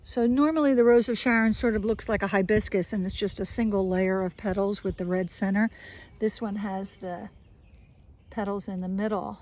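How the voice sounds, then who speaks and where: A woman's voice: mid-range voice, fairly even intonation, normal speed, darkish tone, rough recording. A woman with a South Jersey accent giving a casual walking tour of her suburban garden, chatty and enthusiastic as she points things out.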